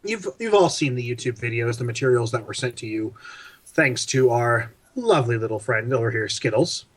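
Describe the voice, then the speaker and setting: A man playing in a tabletop game with friends. He jokes and swears freely. His voice often rises with excitement. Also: medium pitch, moderate pace, husky. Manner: animated, joking, swears freely. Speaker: player. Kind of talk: casual tabletop game chat.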